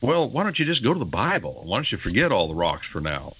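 On a rough recording, an older radio talk show guest teaches about the Bible, his lowish voice fast and edged with breathiness. His delivery is emphatic and lecturing, animated by rising stresses.

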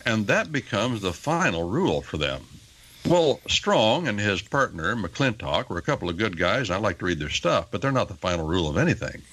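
A man's voice: lowish voice, a little fast, slightly rough, no room sound, rough recording. An older man talking on the radio, lecturing about the Bible in an emphatic, teacherly way. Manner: emphatic, lecturing, animated with rising stresses. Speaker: radio talk show guest teaching on the Bible. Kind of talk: on-air Bible teaching talk.

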